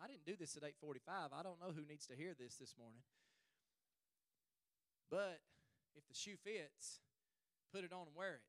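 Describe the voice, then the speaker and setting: A male pastor preaching a fervent sermon at a church service, stretching his phrases and rising to shouts. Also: fairly high pitch, normal speed, long pauses, no echo.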